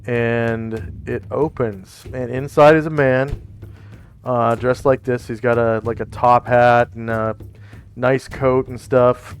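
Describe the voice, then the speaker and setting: A man's voice: medium pitch, fairly even intonation, slow pace, faint music behind. A man narrating as game master of a tabletop game in a laid-back, descriptive way.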